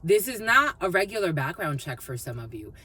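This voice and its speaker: A woman's voice: on the low side, sing-song, fairly quick, pushed and bright, slightly rough. A woman giving a rambling spiritual reading, chanting repeated phrases and laughing often. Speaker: intuitive reader.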